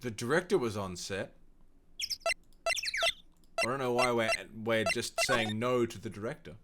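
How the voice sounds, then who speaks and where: A man streaming a visual novel, reading it aloud with crude irreverent jokes, over loud game music. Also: medium pitch, measured pace, long pauses, heavy background noise.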